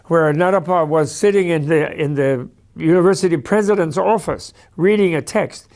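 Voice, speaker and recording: A man's voice: on the high side, moderate pace, a little mellow. A man lecturing in a discursive, anecdotal way, with asides and small stories. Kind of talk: storytelling lecture.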